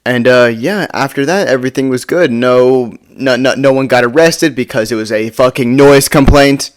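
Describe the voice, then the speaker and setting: A man's voice: mid-range voice, normal speed. A man telling a story in a casual vlog, rambling, stumbling over his words and swearing casually. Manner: rambling, with frequent stammered restarts and casual swearing. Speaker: storytime vlogger.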